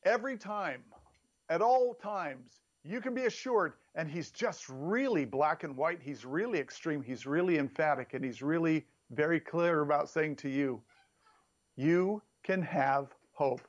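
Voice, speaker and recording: A man delivers a sermon with emphatic, animated energy, his pitch rising sharply when he stresses a point. His voice sits slightly high for a man. The recording is somewhat dull and lo-fi. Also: measured pace. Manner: emphatic, animated preaching with sudden rises in pitch. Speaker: preacher.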